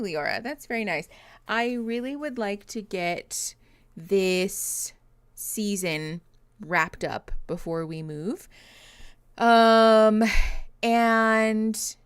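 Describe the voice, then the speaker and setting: A woman's voice: mid-range voice, a bit bright, clear, resonant tone, dry recording, studio quality. A young adult woman, a therapist, chatting casually on a livestream, reading comments and greeting viewers, tired and yawning, laughing often. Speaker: therapist streaming reactions.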